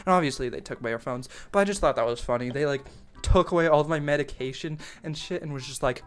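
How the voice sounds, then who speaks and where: A man's voice: on the high side, fast talker, faint music behind. Rambling, profane young man telling a story. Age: young adult. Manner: rambling, profane, many fillers and restarts. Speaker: storytime vlogger. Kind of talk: casual storytime.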